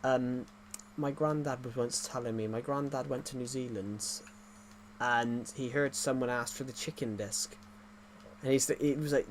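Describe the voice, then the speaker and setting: A medium-pitched man with fairly even intonation and a moderate pace chats casually during a gaming livestream. Rambling and jokey, he often corrects himself mid-sentence, and a little hiss or hum sits under the audio.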